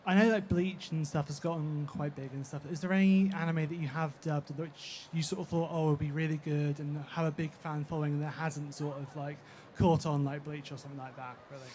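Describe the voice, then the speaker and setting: A man's voice: a little high, flat delivery, a little fast, few pauses, darkish tone, slight background noise. A man in a convention audience, asking a hesitant question and leaning on fillers. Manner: hesitant, fills with "sort of".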